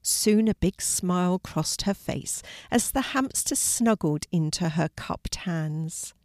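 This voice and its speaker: An older woman, a storyteller, gently reading a children's story aloud in a clear voice. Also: on the low side, expressive, slow, no echo, studio quality.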